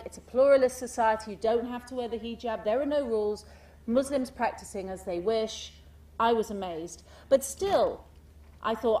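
Animated woman telling stories. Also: a little high, distant mic. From United Kingdom. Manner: animated storyteller, mimics voices, rhetorical questions. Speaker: speaker giving a talk. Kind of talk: speech to an audience.

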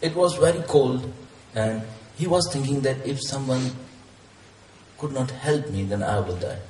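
A man's voice: mid-range voice, a little slow, darkish tone, slight background noise. A man whose first language is Urdu, preaching a sermon in English with earnest, repeated, rising emphatic questions. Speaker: Islamic preacher. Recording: roomy echo, distant mic, faint ambience.

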